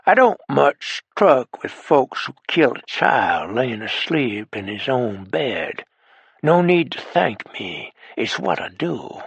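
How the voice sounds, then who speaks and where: A man voicing a menacing cowboy killer who talks low in a long, slow drawl. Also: big pitch swings, vocal fry, fairly bright tone, slightly rough, no echo, heavily acted. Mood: laconic.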